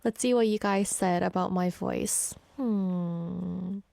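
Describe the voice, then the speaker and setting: A woman's voice: on the low side, steady tone, takes it slowly, vocal fry, dark tone, no room sound. A woman radio DJ chatting live and reading listener comments aloud from a studio. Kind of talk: live radio show chat.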